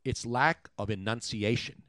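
An older man hosting a radio show, telling stories in gruff banter that sometimes sinks to a mumble. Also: mid-range voice, a little slow, fairly bright tone, no echo. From Philadelphia. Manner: gruff, storytelling, drops to a mumble. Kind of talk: casual studio banter.

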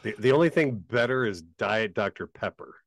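A man who is a guest on a podcast, chatting in a relaxed, easygoing way. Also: lowish voice, normal speed, dry recording, clean studio sound. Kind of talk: casual chat.

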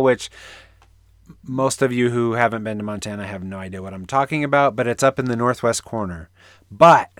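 A man's voice: lowish voice, dry recording, studio quality. A man co-hosting a casual podcast, joking and rambling with many restarts. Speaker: podcast co-host. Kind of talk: casual chat.

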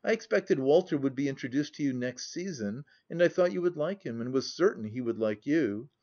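A man reading an audiobook, voicing a timid, gentle young woman with a raised, pleading voice. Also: medium pitch, expressive, fairly quick, lo-fi sound, natural voice.

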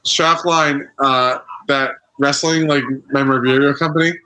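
A man co-hosting a podcast, chatting excitedly about wrestling gear and events. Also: fairly high pitch, normal speed, no echo, low-quality recording. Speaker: podcast co-host. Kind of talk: casual watch-along chat.

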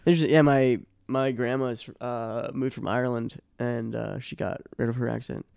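A man's voice: mid-range voice, fairly even intonation, normal speed, gravelly, darkish tone, smooth, no echo, clean studio sound. A young man from Boston hosting a casual podcast chat, rambling and laughing often. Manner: loose, laughing, rambling with many fillers. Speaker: podcast host.

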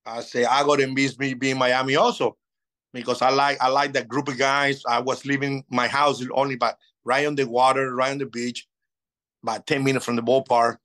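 A man in his fifties, a native Spanish speaker, telling lively stories in a casual interview and acting out old conversations. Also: medium pitch, brisk, poor audio. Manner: animated, acts out past dialogue. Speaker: interview guest.

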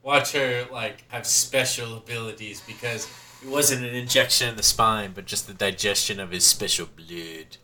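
Very bright-voiced man sharing film trivia. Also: lowish voice, normal speed. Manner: chatty, trivia-sharing, hesitant fillers. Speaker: podcast co-host. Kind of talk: casual movie review chat.

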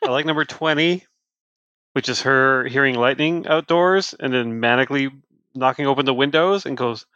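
A man co-hosting a comics podcast in casual chat, animated, acting out lines in voices. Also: medium pitch, normal speed, clean tone, no room sound, lo-fi sound. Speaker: podcast co-host.

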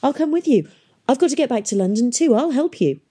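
A woman's voice: sits high, big pitch swings, normal speed, mellow, pitched above the performer's own voice. A woman voicing an upset, naive teenage boy apprentice who talks in an earnest, wounded, pleading way.

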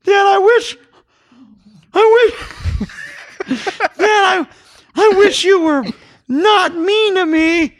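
A man voicing a whiny little boy begging his father, in a high pleading falsetto. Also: drawn-out words, long pauses, exaggerated voice. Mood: whining. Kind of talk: comic impression on a podcast.

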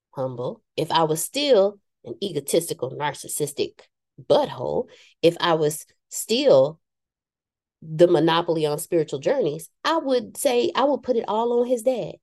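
A woman's voice: on the low side, darkish tone. A woman co-hosting a casual talk show about spiritual growth, speaking candidly and poking fun at herself with preachy asides. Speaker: podcast co-host.

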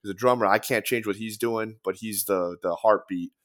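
A man's voice: fairly low pitch, fairly even intonation, normal speed, a bit bright. A young man chatting as a musician guest, rambling and profane, with lots of fillers. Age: young adult. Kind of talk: casual podcast chat.

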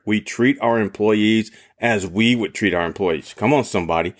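A man preaching a sermon as a podcast host, with emphatic repetition. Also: fairly low pitch.

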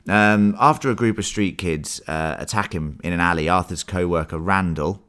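A man hosting a casual film discussion podcast, animated and swearing freely as he recaps the plot. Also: low-pitched, moderate pace, clear, resonant tone. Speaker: podcast host.

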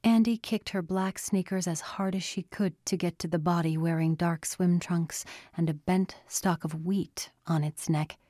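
A woman narrating a novel in a measured, scripted reading, quietly giving each character a voice. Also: on the low side, steady tone, no echo, clean studio sound. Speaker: audiobook narrator.

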